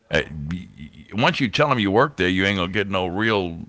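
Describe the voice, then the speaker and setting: A man co-hosting a radio show, telling stories in a lively, casual way. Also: deep voice, fairly quick, no echo. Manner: animated storyteller, mimics voices. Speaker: radio co-host. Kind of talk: casual radio banter, storytelling.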